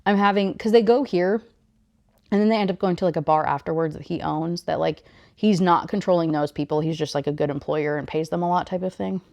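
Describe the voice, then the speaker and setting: A woman's voice: on the low side, steady tone, a little fast, gravelly, a little mellow, no echo. Chatty young woman reviewing a book. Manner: chatty, filler-heavy, blunt. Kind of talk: casual book review chat.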